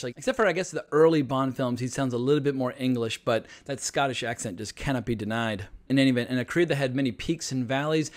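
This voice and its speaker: An excited man delivers a casual film review straight to camera, gushing with enthusiasm. He talks loosely and conversationally, with fillers, and sounds like a fan sharing favorites. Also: medium pitch. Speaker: film reviewer and channel host.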